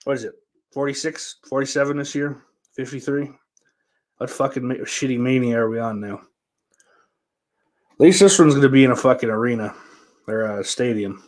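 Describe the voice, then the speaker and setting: A man hosting a solo podcast, talking in a loose, rambling, heavily profane way with sudden loud bursts. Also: medium pitch, moderate pace, pauses often. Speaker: podcast host.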